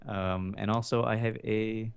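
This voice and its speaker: A man's voice: fairly low pitch, little pitch movement, a little slow, creaky, smooth, dry recording. Bumbling man, dry close sound. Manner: bumbling, self-mocking. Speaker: guest. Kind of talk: casual chat.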